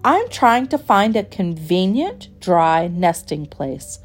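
A woman's voice: lowish voice, very animated, takes it slowly, breathy edge, faint music behind, full character voice. A woman voicing a simple, earnest female duck in a storybook reading. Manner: eager, guileless.

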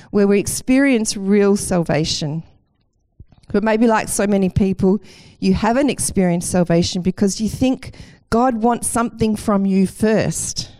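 A woman's voice: mid-range voice, mellow. A woman preaching a sermon with enthusiasm and a light self-deprecating humour.

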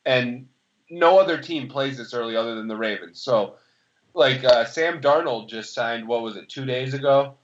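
A young man co-hosting a podcast, talking sports in a steady, reasoned way and steering the conversation along. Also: mid-range voice, moderate pace, slight background noise. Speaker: podcast co-host. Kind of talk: casual sports chat. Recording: slightly dull lo-fi sound.

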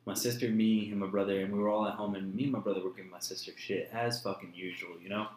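A man's voice: lowish voice, flat delivery, fast. A young man telling a personal story in blunt, profane casual chat. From New Jersey. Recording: echoey room, faint noise.

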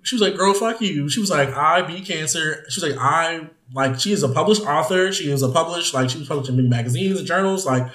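A young man tells lively stories and swears freely as he co-hosts a casual podcast. His voice sits fairly high. The room around him echoes. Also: fast, few pauses. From Detroit. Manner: animated storyteller, swears freely. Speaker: podcast co-host. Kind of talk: casual chat.

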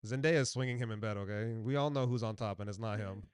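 A man co-hosting a casual podcast chat, blunt and profane, swinging from loud outbursts to mumbled asides. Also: on the low side, quick pace, clear, resonant tone, dry recording, studio quality. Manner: blunt, swears freely, jumps between loud bursts and mumbled asides. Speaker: podcast co-host.

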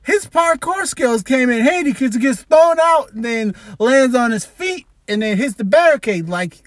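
A man in his twenties co-hosting a casual wrestling podcast, excitable and full of "like", getting loud and thrilled as he talks. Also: extremely high pitch, normal speed, no echo, studio quality. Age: 20s. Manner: excitable, lots of "like", jumps into shouting when thrilled. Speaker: podcast co-host.

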